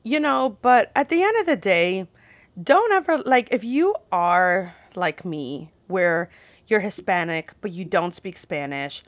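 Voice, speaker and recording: A young woman from New York talks through her stories at a relaxed, rambling pace, peppering everything with "like" and the odd curse word. Her voice sits at an ordinary middle pitch. The recording is dry and close, with no room sound. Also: measured pace, no room sound. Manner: chatty, lots of "like", profane asides. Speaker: podcast host. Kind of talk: casual storytelling monologue.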